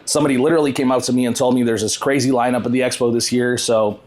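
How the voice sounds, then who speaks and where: A young man hosting a casual podcast in a loose, joking manner, swearing freely and laughing often. His voice sits at a plain middle pitch. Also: fairly even intonation, very fast, a little mellow. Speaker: podcast host.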